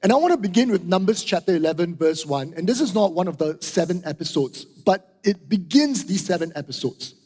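A man's voice: sits high, animated, brisk, few pauses, darkish tone, slightly rough. A middle-aged man, preaching a sermon with emphatic repetition and frequent "right?" and "okay?". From Singapore. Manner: emphatic, repeats key phrases, asks "right?" and "okay?". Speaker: pastor. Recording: hall reverb.

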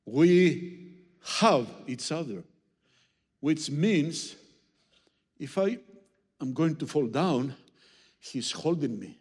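Guy preaching in english, slow and animated, echoey church hall. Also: fairly high pitch, breathy edge. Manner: animated, teasing, with audience demonstrations. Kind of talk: sermon with Greek word study. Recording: long hall reverb.

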